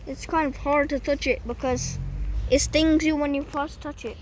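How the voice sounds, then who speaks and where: A woman's voice: high-pitched, steady tone, moderate pace, lightly acted, rough recording. A woman playing a boastful Australian explorer man. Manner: says "mate" constantly, stumbling restarts, boastful. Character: brash bumbling Australian male nature explorer. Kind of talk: comic mock nature show hosting. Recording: loud background noise.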